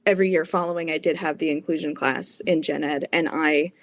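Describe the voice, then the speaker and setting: A woman's voice: deep voice, fairly even intonation, a little fast. A woman teacher as podcast guest, giving friendly, thoughtful answers in a casual interview.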